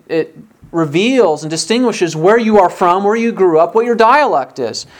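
A preacher giving an expository sermon, explaining a Bible passage and briefly acting out its dialogue. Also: mid-range voice. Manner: expository, acts out biblical dialogue.

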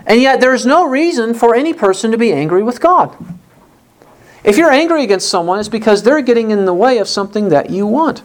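A pastor preaching a sermon in an earnest, emphatic way, often repeating words to stress a point. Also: mid-range voice.

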